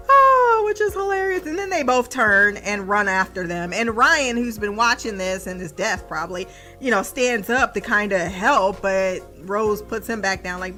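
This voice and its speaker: A young woman with a bright, high voice chats through a TV episode recap for her podcast, her pitch swooping widely as she laughs, swears and acts out the characters. Faint music plays softly behind her. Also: measured pace. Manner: animated, laughs often, swears, mimics characters. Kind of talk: casual chat.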